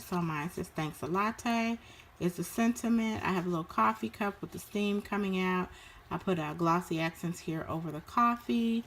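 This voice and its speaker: A woman with a low voice walks through her craft pieces one by one in a relaxed show-and-tell. She speaks at an unhurried pace and fills her pauses with frequent ums and uhs. A faint hiss sits under the recording. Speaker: crafter showing her work. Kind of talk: casual show-and-tell narration.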